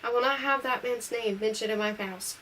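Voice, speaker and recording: A stern, exasperated middle-aged father scolding in short, clipped bursts, as a woman reads his lines. The voice sits fairly high and moves along briskly. It is heard from a little way off the mic, over a faint hiss. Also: a bit bright, far from the mic, natural voice, rough recording.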